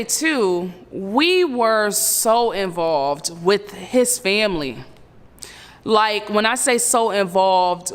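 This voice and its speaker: A woman in her thirties earnestly recounting a painful personal story, halting and full of fillers. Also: medium pitch, a bit bright, long reverb tail. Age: 30s. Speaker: survivor telling her story. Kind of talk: personal testimony.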